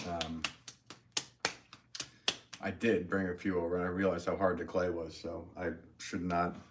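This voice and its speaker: A man who is a potter, chatting casually on a livestream from his pottery studio, rambling with many ums and restarts. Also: low voice. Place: pottery studio with fans running. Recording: clear fan noise behind the voice.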